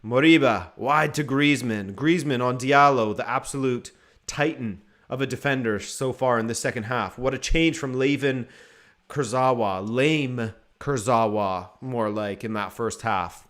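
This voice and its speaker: A man's voice: mid-range voice, moderate pace, fairly bright tone. A man hosting a live football watchalong, giving casual, joking commentary and reading viewer comments aloud. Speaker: watchalong host.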